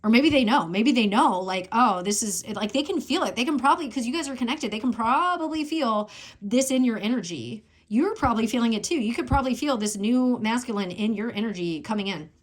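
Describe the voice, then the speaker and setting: A woman's voice: fairly high pitch, lively intonation, a little fast. A woman giving a casual collective tarot reading, chatting, thinking aloud and exclaiming over the cards as she goes. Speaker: tarot reader.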